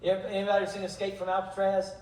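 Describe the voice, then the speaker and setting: A high-pitched man teaching a Bible study in a church hall. He retells scripture in relaxed everyday slang and acts out the characters' lines. He stands far from the mic, in a roomy, echoey space. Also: fast. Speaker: pastor.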